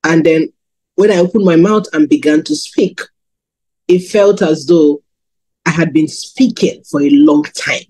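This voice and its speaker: A woman's voice: measured pace, low-quality recording. A woman in her thirties from Nigeria, candidly telling her personal testimony in a sermon. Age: 30s. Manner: candid storytelling, animated pitch swings. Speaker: preacher.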